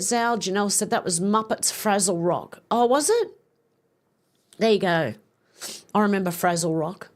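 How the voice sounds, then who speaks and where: A middle-aged woman hosting a livestream, chatting casually, giggling as she reads viewers' comments aloud. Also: medium pitch. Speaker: livestream host.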